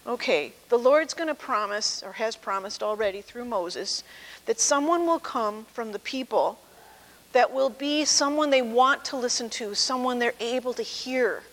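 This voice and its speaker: Woman pastor, fairly high voice, conversational sermon in a church with long reverb and mains hum. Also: expressive, unhurried. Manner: warm conversational preaching with quoted voices. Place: church sanctuary.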